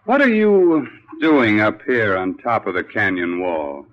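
A joking archaeologist hero on old radio. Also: male voice, fairly low pitch, wildly swooping pitch, measured pace. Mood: wry. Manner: joking and playful. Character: wisecracking young archaeologist, playful hero. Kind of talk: 1940s radio acting. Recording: dull old radio broadcast.

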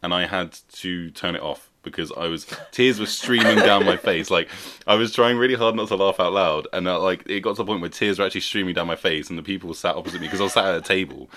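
Brief: low-pitched guy, giggly casual podcast banter. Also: quick pace, few pauses, a little hiss or hum. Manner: laughs often, chatty and animated. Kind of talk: casual chat.

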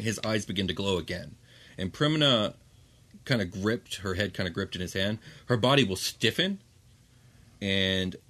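A man's voice: low voice, fairly bright tone. A man narrating as game master of a tabletop game, casual and rambling with fillers.

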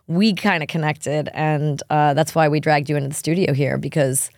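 A woman's voice: low voice, steady tone, moderate pace, darkish tone, dry recording, clean studio sound. A woman hosting a podcast, chatting casually in a bubbly manner. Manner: bubbly, laughs often. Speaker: podcast host. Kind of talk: casual chat.

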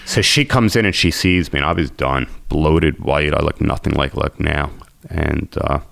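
A man's voice: a bass voice, normal speed, gravelly, a bit bright, no room sound. A man, a podcast guest, telling his recovery story in an emotional, intense way.

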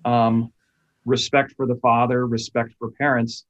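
Man, interviewer, measured questions, dull muffled sound. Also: mid-range voice, little pitch movement, fairly bright tone.

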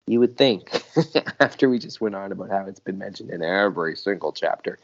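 A man co-hosting a chat show, reading a comic aloud with animated voices and frequent laughs. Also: deep voice, a little fast, creaky, muffled recording. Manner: animated, laughs often, puts on voices for characters.

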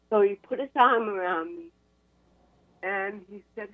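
American woman in her sixties, animated storyteller, laughs often, tinny dry phone line. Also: medium pitch, measured pace, pauses often, no echo. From United States. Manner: animated, laughs between sentences. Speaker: guest, actress and comedian. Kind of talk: storytelling in a radio interview. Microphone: telephone.

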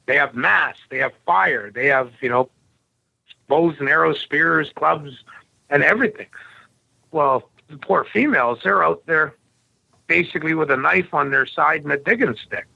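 A man from Canada, a podcast guest, telling stories bluntly with a rough edge. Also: fairly high pitch, normal speed, sharp tone, no echo, muffled recording. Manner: blunt, rough-edged storyteller. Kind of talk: casual storytelling interview.

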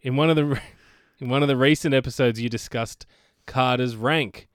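A man co-hosting a podcast in casual chat, reading a listener's message aloud with quick asides. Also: medium pitch, steady tone, dry recording, clean studio sound. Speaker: podcast co-host.

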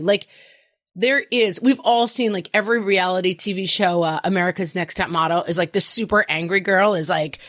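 A woman's voice: lowish voice, a little fast, dry recording, studio quality. A mother co-hosting a chat show, talking animatedly and acting out her kids' lines. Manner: animated, acts out quotes of her kids. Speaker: podcast co-host, parent. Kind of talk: casual chat.

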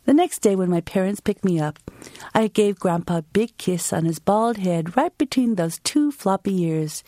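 A woman from the United States performing a personal story and then talking as an interview guest, vivid and expressive. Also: medium pitch, normal speed.

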